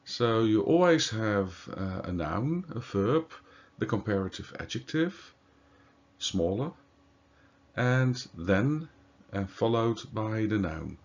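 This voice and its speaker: A man, a native Dutch speaker, giving a slow, deliberate grammar lesson with occasional fillers and self-corrections. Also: lowish voice, big pitch swings. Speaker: language teacher. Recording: dull lo-fi recording.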